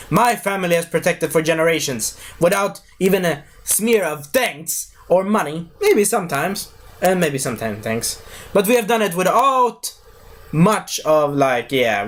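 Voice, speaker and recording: A man voicing a defiant, tough male monster hunter who talks back to a crowd. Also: fairly high pitch.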